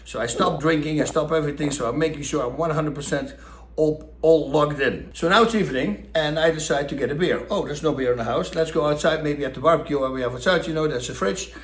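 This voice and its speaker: Middle-aged man with a Dutch accent, lively raconteur, slightly high voice, roomy echo. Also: fast talker, a little hiss or hum. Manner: animated, acts out quotes with raised pitch. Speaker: storyteller host. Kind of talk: casual storytelling. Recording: echoey room.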